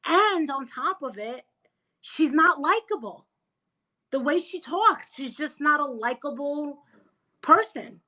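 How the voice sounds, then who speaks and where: High-voiced, animated gossiping woman. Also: slow pace, low-quality recording. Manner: animated, emphatic, gossipy storyteller. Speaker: interview guest. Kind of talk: casual chat.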